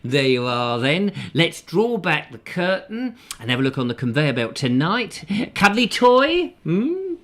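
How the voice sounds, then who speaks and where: A man's voice: on the high side, big pitch swings, a bit bright. A man doing a chirpy old game show host. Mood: showy. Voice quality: chirpy, drawn-out catchphrases. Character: jovial older male TV game show host.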